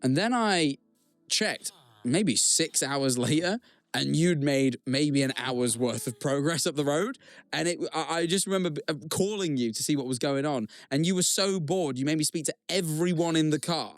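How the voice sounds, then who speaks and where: A man's voice: a little high, moderate pace, no echo. A man co-hosting a podcast, chatting casually and teasing his friend. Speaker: podcast co-host. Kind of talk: casual chat.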